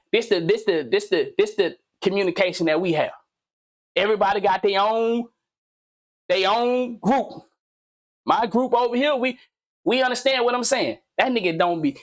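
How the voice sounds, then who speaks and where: Animated man ranting in slang. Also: high-pitched. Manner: animated, slangy, repeats himself, asks pointed questions. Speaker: commentary channel host. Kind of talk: casual ranting commentary.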